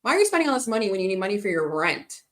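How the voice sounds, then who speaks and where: Woman streamer, middle pitch, bright and forceful tone, rambling casual chat with her viewers. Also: sing-song, very fast. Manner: chatty, rambling, reads out and answers viewer comments. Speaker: livestreaming vlogger.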